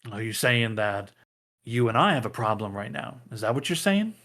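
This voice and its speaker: A man's voice: mid-range voice, very animated, moderate pace, fairly bright tone. A man voicing a taunting tavern thug. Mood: menacing. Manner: taunting, menacing. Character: surly male thug picking a fight.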